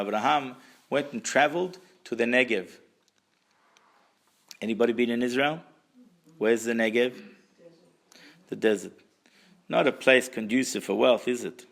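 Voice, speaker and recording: Male Torah teacher with a fry-edged, mid-pitched voice; animated classroom storyteller who quizzes the room and drops in Hebrew terms. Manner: animated, asks the audience questions, repeats words while searching; mixes in Hebrew and Aramaic terms.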